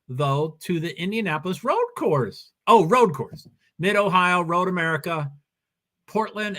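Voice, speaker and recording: Reading viewer comments and racing news out loud, a New England-accented man rambles through his casual livestream. His voice has a bright, forceful quality and is pitched high for a male speaker.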